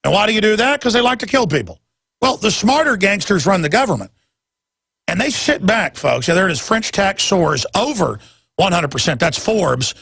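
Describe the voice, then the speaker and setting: A man hosting a talk radio show, ranting in a rambling way and jumping suddenly into loud, emphatic bursts. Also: high voice, sing-song, moderate pace, creaky, husky, dry recording, clean studio sound.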